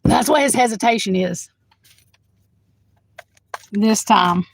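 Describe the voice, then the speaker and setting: A woman's voice: on the high side, slow pace, gravelly, husky, no echo, rough recording. A woman doing a live tarot reading into her phone, chatting frankly, swearing and laughing often as she talks to the viewer. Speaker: tarot reader.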